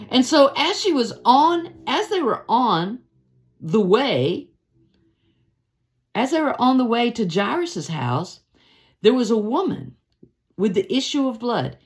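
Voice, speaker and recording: A woman's voice: fairly high pitch, measured pace. A woman hosting a daily devotional, teaching a Bible passage in a casual, conversational way and acting out the people in the story. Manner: lively, conversational, acts out the story's voices.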